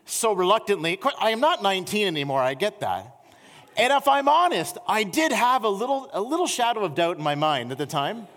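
A middle-aged man preaching as a pastor, telling stories with animated energy and slowing into soft, earnest appeals. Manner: animated storytelling, voice climbing high in anecdotes; slows and softens into earnest appeal. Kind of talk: sermon. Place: church sanctuary. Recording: long church reverb.

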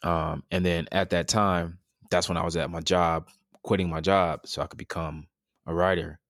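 A man's voice: low voice, flat delivery, moderate pace, fairly bright tone, dry recording, studio quality. A man in his thirties telling a personal story in an interview, reflective and earnest, with fillers and restarts. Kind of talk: candid conversational storytelling.

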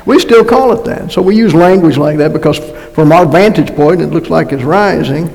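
A man's voice: a little high, moderate pace, gravelly, a little mellow. A man preaching a conversational sermon with a Massachusetts accent, folksy and joking, with frequent restarts. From North Carolina. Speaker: pastor. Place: church sanctuary. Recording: long reverb of a church hall.

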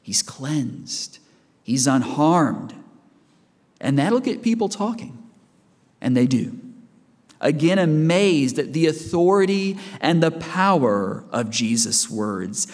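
A man's voice: a little high, sing-song, slow pace, long pauses. A man preaching a sermon in a church, conversational and asking the congregation questions as he goes. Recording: reverberant church hall.

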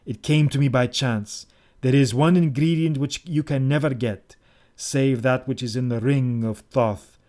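A man's voice: mid-range voice, measured pace, darkish tone, close to an everyday voice. A man reading the part of an ecstatic, half-mad Egyptian priest, scornful and then coldly triumphant, in an audiobook. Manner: exultant and scornful, then cold.

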